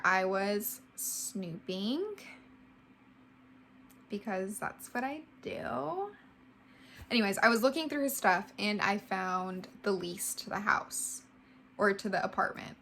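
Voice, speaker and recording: A woman's voice: mid-range voice, a bit bright, a little hiss or hum. A woman in her twenties telling a personal story on her vlog, candid and swearing, acting out what people said. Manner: candid, swears freely, acts out quoted dialogue. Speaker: vlogger.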